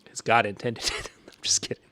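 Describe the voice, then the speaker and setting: A man's voice: brisk, bright, forceful tone, dry recording. Joking Southern man hosting a podcast. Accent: Southern American. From Southern United States. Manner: joking, rambling, reacting to chat. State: a little stressed. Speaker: podcast host. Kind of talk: casual live-stream chat.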